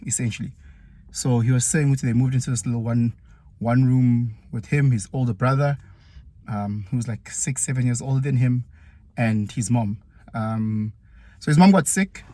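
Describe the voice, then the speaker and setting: In this vlog, a former teacher from KwaZulu-Natal with a South African accent chats through a personal story at a normal speed. He's lively, and his pitch jumps up whenever he acts out other people. There's no room sound.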